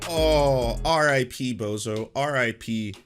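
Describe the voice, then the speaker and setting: A man hosting a live-stream commentary show, talking in a profane, excitable, ranting way. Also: mid-range voice, slow pace, soft background music. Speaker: streamer host.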